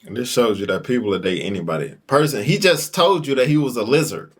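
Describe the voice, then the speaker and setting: A man's voice: medium pitch, animated, fast talker, breathy edge. A man giving casual reaction commentary in incredulous, stammering asides. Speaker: reaction video host.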